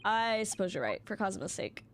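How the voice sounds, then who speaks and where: A woman's voice: medium pitch, very animated, brisk, slight background noise. A woman voicing a hesitant young male lawyer while reading game dialogue aloud.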